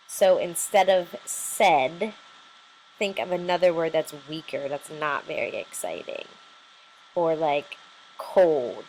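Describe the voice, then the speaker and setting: A woman's voice: medium pitch, gravelly, slight background noise, poor audio. A woman teacher giving a recorded lesson, explaining patiently step by step with many fillers.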